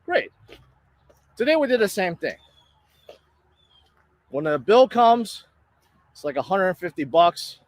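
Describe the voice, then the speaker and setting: A man's voice: high-pitched, big pitch swings, takes it slowly, long pauses, no echo. A man telling a story about a restaurant bill in an indignant, casual rant. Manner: indignant, retells his own side of an argument. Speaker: storyteller in a played clip.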